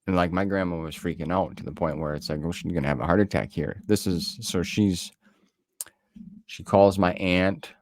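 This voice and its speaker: A man's voice: deep voice, normal speed. A man co-hosting a casual podcast chat, telling stories in an earnest, rambling way. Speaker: podcast co-host.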